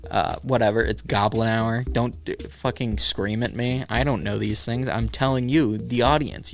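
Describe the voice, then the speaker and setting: A man hosting a solo podcast in casual chat, riffing sarcastically and swearing freely. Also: mid-range voice. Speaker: podcast host.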